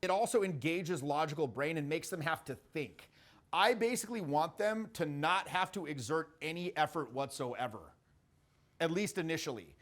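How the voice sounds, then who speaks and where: A man's voice: on the high side, normal speed, a bit bright. A middle-aged man coaching social skills in a brash, profane way, acting out sample lines as he goes. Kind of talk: casual coaching talk.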